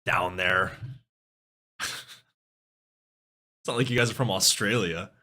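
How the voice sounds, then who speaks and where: A young man from Canada chatting casually on a live stream, animated, laughing often and swearing freely. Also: fairly low pitch, a little slow. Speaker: music streamer.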